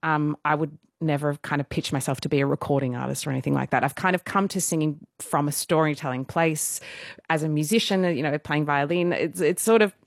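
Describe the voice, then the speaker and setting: A woman in her thirties, a musical theatre performer, telling stories as a guest in a casual radio interview, animated and self-deprecating, laughing often. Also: deep voice, a little fast, vocal fry, no echo, studio quality.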